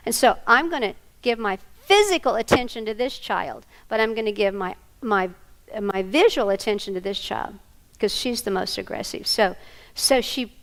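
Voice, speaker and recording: Animated woman, gravelly edge. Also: on the high side, rough recording. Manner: animated, acts out scenes with volunteers. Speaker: workshop presenter. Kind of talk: training workshop talk. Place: conference room before an audience.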